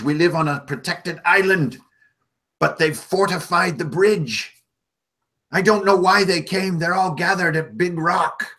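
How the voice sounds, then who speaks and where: A man's voice: high voice, pushed and bright, voice pushed up, exaggerated voice. A man voicing a small, frantic male goblin who pleads urgently for help.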